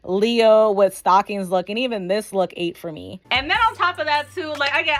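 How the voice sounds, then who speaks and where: A woman's voice: a little high, pushed and bright. A young woman giving a casual, opinionated fashion review, talking around retainers, with lots of fillers and restarts. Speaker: fashion vlogger.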